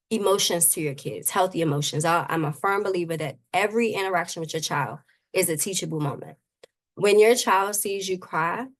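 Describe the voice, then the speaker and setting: Earnest faith-filled woman, lowish voice. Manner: earnest, faith-filled, with many "you know"s. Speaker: grief coach and suicide prevention advocate, guest. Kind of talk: heartfelt conversational interview.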